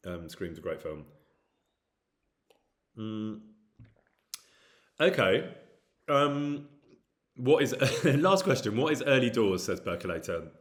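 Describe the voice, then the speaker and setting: A man's voice: medium pitch, big pitch swings, slow, long pauses. A man streaming casually, reading out viewer questions and answering them in a rambling way with many hesitant fillers. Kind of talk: casual live-stream chat.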